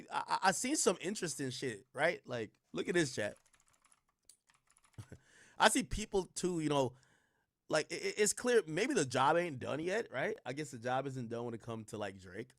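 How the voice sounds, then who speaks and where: A man's voice: fairly high pitch, fairly bright tone, no echo, clean studio sound. A man streaming casual reaction commentary, rambling and slangy with frequent restarts.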